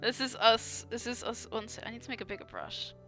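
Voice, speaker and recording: A woman's voice: fairly high pitch, huge pitch swings, a little fast, over music. A young woman chatting casually while drawing on stream, rambling with many fillers and frequent laughs, gushing about art. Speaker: artist streamer.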